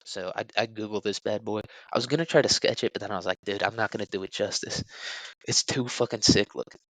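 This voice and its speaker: A man's voice: lowish voice, fast talker, a bit bright, no room sound, poor audio. A young man hosting a solo podcast, rambling crudely with jokes and lots of fillers. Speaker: podcast host. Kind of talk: casual solo podcast talk.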